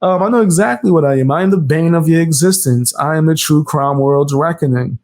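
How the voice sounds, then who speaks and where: A man's voice: on the high side, a little fast, a little mellow. A man hosting a reaction commentary, defiant and mocking, with casual slang and frequent laughs. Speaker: commentary channel host.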